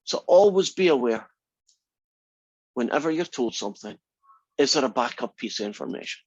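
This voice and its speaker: A man's voice: mid-range voice, animated, normal speed, husky, no room sound, dull audio. A man teaching a statistics class, reasoning aloud and asking the class many questions. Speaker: math instructor. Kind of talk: classroom lecture.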